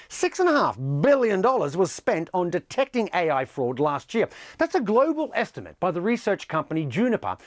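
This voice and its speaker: A man hosting a business news show, presenting with a lively, emphatic delivery. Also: high voice, no room sound, clean studio sound.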